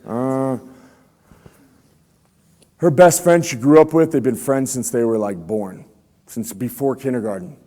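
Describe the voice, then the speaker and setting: A man's voice: medium pitch, measured pace, long pauses, mellow. A man giving a motivational talk to students, in a casual, slangy way, often quizzing the audience. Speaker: motivational speaker. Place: school room with students. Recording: long hall reverb.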